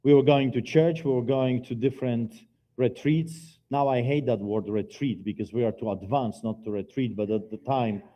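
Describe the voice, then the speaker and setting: Man, middle-aged, preacher, church testimony, earnest, mellow tone. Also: mid-range voice, steady tone, normal speed. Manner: earnest, swings between quiet and loud. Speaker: guest preacher giving testimony. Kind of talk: personal testimony sermon. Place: church sanctuary, live service.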